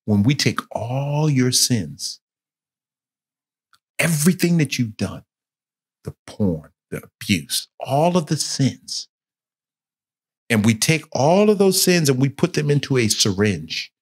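A man teaching a church Bible study with a slightly husky, breathy tone. His delivery is highly animated, climbing into urgent shouts at the story's peak and sinking to quiet, grave phrasing. He stumbles and repeats words when groping for a thought. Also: slow, long pauses. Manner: dramatic storytelling, rising to shouts and dropping to hushed tones.

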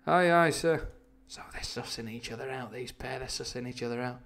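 A man streaming a novel reading, dropping into quiet, chatty asides about the story. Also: mid-range voice, level tone, fast. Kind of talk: casual live read-along with asides.

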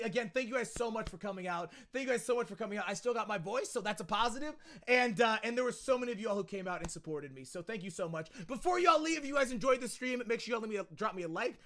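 A man streaming a video game live, excitable and loud, chatting with viewers and often repeating his phrases. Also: very high voice. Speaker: gaming streamer. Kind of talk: energetic livestream chat.

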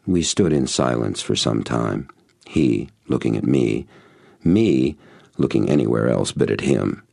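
Man, audiobook narrator, very low voice, lively intonation, measured storytelling. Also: vocal fry, dry recording, clean studio sound. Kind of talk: first-person audiobook narration.

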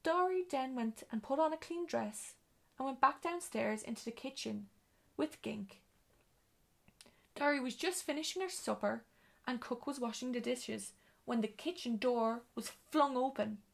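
A woman's voice: high voice, a little slow, gravelly. A woman reading a children's storybook aloud, with occasional slips and self-corrections.

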